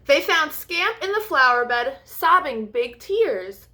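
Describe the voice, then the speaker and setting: A young woman reading a picture book aloud as a storyteller, in an expressive sing-song way. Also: high voice.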